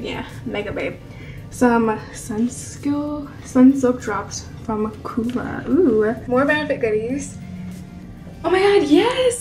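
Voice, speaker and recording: A young woman vlogging with excitement, gushing over gifts with many exclamations. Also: a little high. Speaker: beauty vlogger. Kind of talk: excited vlog unboxing.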